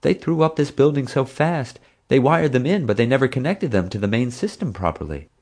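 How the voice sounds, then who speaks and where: A man reading an audiobook voices a frank, outspoken woman zookeeper in a raised, lively voice. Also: mid-range voice, a little fast, husky, voice pushed up. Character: woman zookeeper, frank, chatty young adult. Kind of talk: audiobook character voice.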